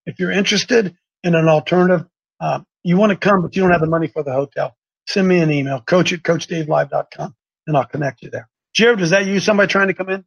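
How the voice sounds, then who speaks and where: A man hosting a live call-in show, talking in an excitable, preachy, rambling way. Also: on the high side, fast talker, creaky, breathy edge, dull audio.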